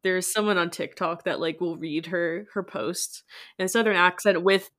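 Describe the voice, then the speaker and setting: A woman's voice: fairly low pitch, steady tone, moderate pace, a bit bright. A woman talking casually on an astrology podcast, earnest and candid.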